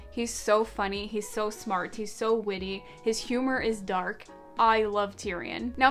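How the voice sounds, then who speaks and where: An American woman chatting casually and enthusiastically about books in a vlog, laughing often. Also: a little high. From United States. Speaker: book vlogger. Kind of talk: casual book review vlog.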